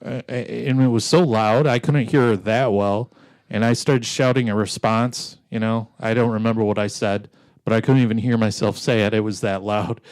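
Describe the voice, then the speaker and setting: A man's voice: fairly low pitch, fairly even intonation, normal speed, darkish tone, no echo. A man co-hosting a podcast in casual chat, telling stories and teasing with dry humor. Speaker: podcast co-host.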